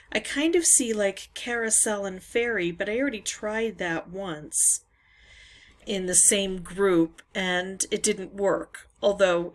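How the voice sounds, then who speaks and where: A woman hosting a word-game channel talks through a puzzle at an unhurried, drawn-out pace. She muses aloud, hesitating and filling gaps with "um", in a voice of middling pitch. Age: adult parent. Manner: musing, hesitant, pauses with "um". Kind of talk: thinking-aloud puzzle talkthrough.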